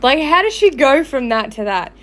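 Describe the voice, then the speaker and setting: A woman's voice: sits high, sing-song, normal speed, a bit bright, slight background noise. A woman who hosts a gossip page, ranting angrily and swearing on a livestream. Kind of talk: livestream commentary.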